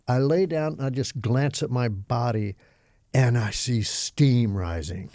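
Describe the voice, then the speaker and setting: An older Texan man, a yoga teacher appearing as an interview guest, tells his stories vividly and with animation. His mid-range voice is warm and moderately paced, captured in a dry, studio-quality recording.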